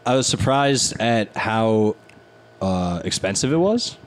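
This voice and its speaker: A man hosting a podcast in casual chat, telling stories in an animated way and saying "dude" often. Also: fairly low pitch, slow, slight background noise. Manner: animated storyteller, peppered with "dude". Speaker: podcast host.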